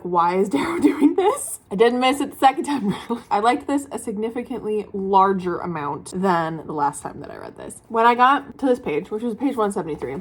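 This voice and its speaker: Young woman book vlogger, kinda husky, rambling and ranting with tons of "like"s, filmed at home. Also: medium pitch. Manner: chatty, ranting, frequent "like" fillers. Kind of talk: casual chat. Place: room at home, at night.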